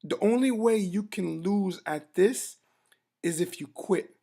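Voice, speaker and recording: A man's voice: high-pitched, takes it slowly, vocal fry, dark tone. A man giving a motivational business training talk, emphatic and repeating words for impact.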